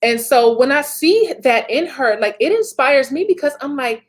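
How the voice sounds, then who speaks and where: A woman's voice: sits high, animated, moderate pace, hardly any pauses. A woman in her thirties giving a motivational talk as a business coach, emphatic, repeating phrases and laughing often.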